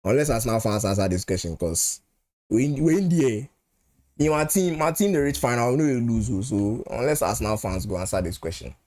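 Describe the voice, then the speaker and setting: A man's voice: medium pitch, expressive, brisk, darkish tone. A man with a Nigerian accent hosting a live football watchalong. He chats casually, repeats his phrases and moves between pidgin and English. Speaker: football channel host. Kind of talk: live match watchalong chat.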